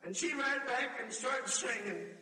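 Older preacher guy, real high bright voice, sings bits of hymns and shouts, far off in a big echoey hall. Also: lively intonation, unhurried. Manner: emotional storytelling, breaking into sung hymn lines and shouted appeals. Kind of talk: camp meeting sermon. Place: large meeting hall or tabernacle.

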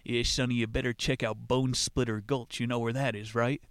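A man's voice: medium pitch, level tone, moderate pace, no room sound, natural voice. A man voicing a folksy old male mountain-town local with a drawling manner.

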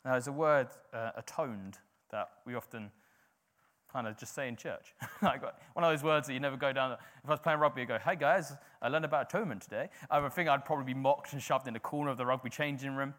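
A man's voice: mid-range voice, steady tone, quick pace, a bit bright. A man preaching a sermon in an informal, conversational way, often filling with "like".

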